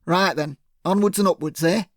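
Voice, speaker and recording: A man's voice: high-pitched, normal speed, no echo, clean studio sound, natural voice. A man voicing a breezy, sly gang boss who talks in a jaunty, upbeat way, in an audiobook. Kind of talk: audiobook character voice.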